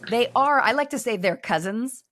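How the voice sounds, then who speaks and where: A middle-aged woman, once a pastor, hosts a casual conversational podcast and tells stories animatedly, voicing the quotes. Her voice is a little high, expressive and fairly bright, at a moderate pace.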